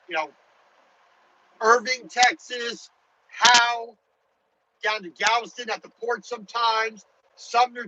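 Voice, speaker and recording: Man, truck driver, high voice, chatty rambling vlog talk from the cab. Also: pushed and bright, highs cut off. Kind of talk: casual vlog chat while driving.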